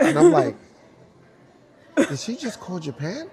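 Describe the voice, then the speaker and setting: Animated Brooklyn man telling a story. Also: extremely high pitch, takes it slowly, long pauses. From Brooklyn, New York. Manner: acts out both sides of dialogue, laughing often. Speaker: dancer telling his story as guest.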